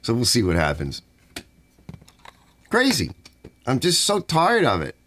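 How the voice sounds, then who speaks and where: Middle-aged male stream host, grumbly and animated, very lively pitch. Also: measured pace, pauses often. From United States. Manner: grumbling, animated, reads chat aloud. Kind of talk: rambling live stream chat.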